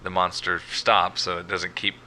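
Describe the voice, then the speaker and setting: Man, very deep voice, sharp bright tone, easygoing podcast co-host, swears casually. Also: level tone, normal speed, a little hiss or hum. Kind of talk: casual recap chat.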